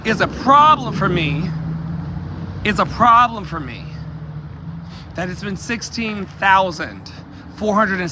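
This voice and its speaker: A man's voice: high voice, background noise. A man vlogging outdoors while walking, talking emphatically and repeating himself, with asides to his viewers. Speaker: activist vlogger. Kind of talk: impassioned street vlog.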